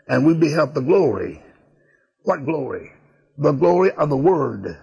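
A man's voice: on the high side, sing-song, unhurried, gravelly, pauses often, a little mellow, husky. A man preaching a sermon, emphatic and repetitive in a folksy way.

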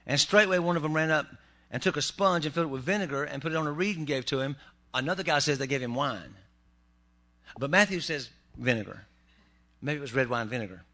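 A man's voice: a little high, lively intonation, fairly quick, pushed and bright. A man preaching a humorous sermon in a church, with joking asides to the congregation. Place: church sanctuary.

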